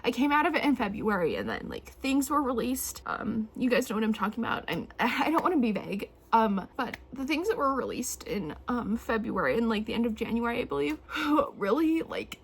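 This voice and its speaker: A young woman talking to camera while teary and emotional, halting with sighs. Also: on the high side, a little hiss or hum. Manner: shaky, halting, sighing.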